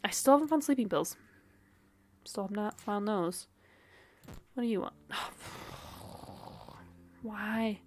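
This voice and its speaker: A young adult woman streaming a game, chatting casually and rambling with lots of "like", wry asides and soft laughs. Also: mid-range voice, expressive, slow, pauses often, a little hiss or hum. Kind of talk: casual gameplay commentary.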